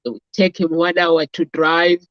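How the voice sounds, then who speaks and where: A woman's voice: lowish voice, little pitch movement, moderate pace, no room sound. A woman from Africa hosting a casual talk show, telling stories in a rambling way with many fillers. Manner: rambling, storytelling, frequent "basically" and "uh". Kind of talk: casual chat. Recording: dull lo-fi dry sound.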